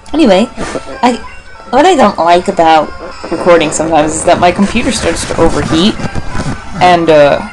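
This let's play gamer has a fairly low-pitched voice, recorded with poor audio. She rambles casually through her playthrough, swearing and addressing both herself and the characters, and drops in self-mocking asides.

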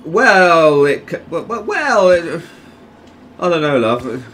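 A man giving casual gameplay commentary, excitable and jokey, swearing often. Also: on the high side, takes it slowly, a little hiss or hum. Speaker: gamer.

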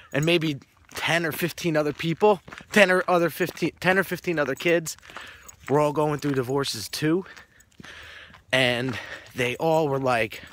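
A man's voice: on the high side, fairly bright tone, slight background noise. A man casually telling a personal story to camera, earnest, often repeating words as he searches for them. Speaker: motivational vlogger.

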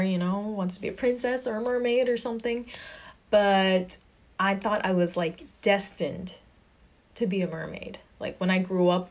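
A young woman chatting casually to the camera, lots of "like" fillers and little laughs. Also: mid-range voice. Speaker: vlogger.

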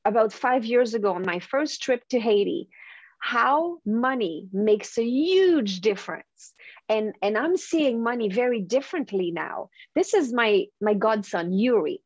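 A French Canadian woman speaking English as her second language tells her story with lively energy and frequent laughs, often restarting her phrases. Her voice sits mid-range and the recording is dry and a little dull. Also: on the high side, unhurried, no room sound. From Quebec, Canada. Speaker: guest, confidence coach and speaker. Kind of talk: podcast interview conversation.

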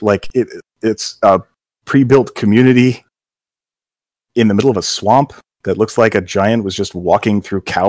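A middle-aged man in casual chat, telling a story about his job with quick quoted voices. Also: fairly low pitch, dry recording. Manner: animated anecdote with acted quotes. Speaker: game company co-worker telling his hiring story.

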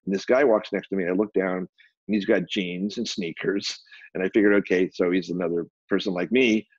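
A man, a photographer and publisher, telling an animated anecdote as an interview guest, with many restarts. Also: low-pitched, fairly quick, husky, dry recording, muffled recording. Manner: animated, acts out quoted dialogue, frequent restarts.

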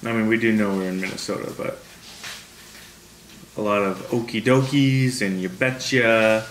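A man's voice: lowish voice, fairly even intonation, normal speed, a bit bright. A man chatting casually in a family vlog, rambling and restarting his sentences as he explains things. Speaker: vlogger, father. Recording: echoey with clear background noise.

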